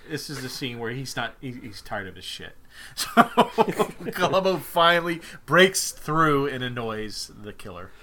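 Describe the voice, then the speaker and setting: Male podcast co-host with a bright, forceful voice, rambling casual chat. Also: mid-range voice, big pitch swings, measured pace. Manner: loose and rambling, many fillers and restarts.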